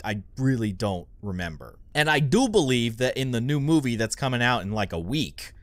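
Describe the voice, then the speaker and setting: A man's voice: medium pitch, big pitch swings, moderate pace, fairly bright tone, dry recording. A young man hosting a gaming channel, rambling through let's play commentary and getting easily spooked.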